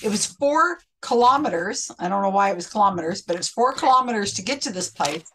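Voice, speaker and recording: A woman's voice: mid-range voice, lively intonation, fairly quick, fairly bright tone, slight background noise. A woman hosting an online chat, telling a long story in a rambling, self-interrupting way. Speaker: host. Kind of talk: casual chat.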